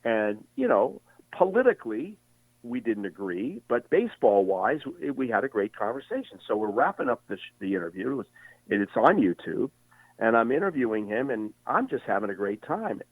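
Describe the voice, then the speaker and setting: A man in his sixties, a veteran sports broadcaster, telling animated stories as a guest in an interview. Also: medium pitch, normal speed, dry recording. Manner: animated storyteller with many voices. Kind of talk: storytelling interview. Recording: tinny phone line.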